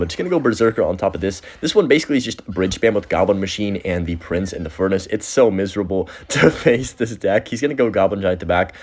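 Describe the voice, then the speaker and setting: A young man giving casual, excitable commentary over his own gameplay, with sudden high-pitched outbursts. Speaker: gaming video host.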